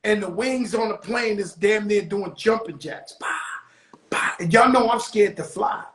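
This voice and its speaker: A man hosting a talk show, telling stories in a loose, profane street-talk style that slows into motivational preaching. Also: sits high. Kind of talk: casual storytelling monologue. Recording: echoey room.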